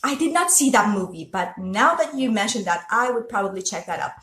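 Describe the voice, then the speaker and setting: A woman's voice: medium pitch, animated, a little fast, a bit bright, reverberant. A woman from the Philippines with a Filipino accent, talking earnestly and chattily to her viewers in a casual motivational talk. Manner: earnest and chatty, with frequent restarts and laughs. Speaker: host.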